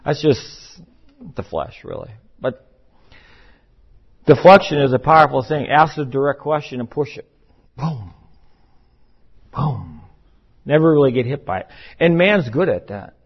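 A man's voice: medium pitch, a little slow, long pauses, husky. A man preaching a sermon in an emphatic, conversational way, now and then acting out the voices he quotes. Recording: muffled, lo-fi recording.

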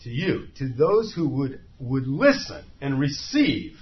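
Lively impassioned male preacher. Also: medium pitch, slow pace. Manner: impassioned, rises to loud emphatic cries; asks the listeners rhetorical questions. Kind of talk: sermon. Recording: slightly dull lo-fi sound with faint noise.

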